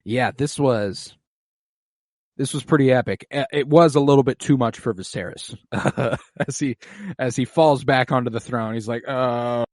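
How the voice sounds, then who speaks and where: Animated man recapping a show, dry sound. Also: mid-range voice, moderate pace, dry recording. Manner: swearing, acts out lines from scenes. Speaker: podcast co-host. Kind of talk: casual recap chat.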